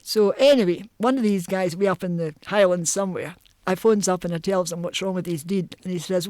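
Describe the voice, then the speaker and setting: An older Scottish woman reminiscing about her working life, amused and lively, often breaking into voices. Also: on the low side, fairly quick, no room sound. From Scotland. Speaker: oral history interviewee. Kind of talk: storytelling reminiscence.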